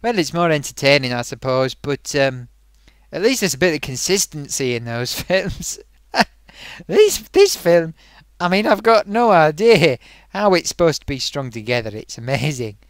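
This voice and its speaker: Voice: mid-range voice, big pitch swings, normal speed, no room sound. A film reviewer ranting in a rambling, sarcastic, exasperated way, full of ums and little laughs. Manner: frequent fillers and amused laughs.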